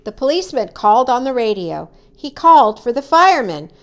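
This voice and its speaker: A woman reading a children's story aloud, acting out the characters with high, excited cries. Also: a little fast.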